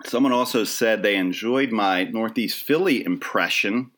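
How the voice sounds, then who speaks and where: A man's voice: lowish voice, normal speed, fairly bright tone. A middle-aged man hosting his own podcast, delivering a rambling comedic monologue full of self-deprecating, wry asides. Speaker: podcast host.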